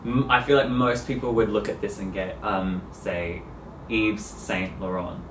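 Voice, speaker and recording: An Australian man chatting casually, explaining things in a calm, even way. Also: fairly low pitch, normal speed. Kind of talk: casual group chat. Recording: roomy, distant mic, noisy.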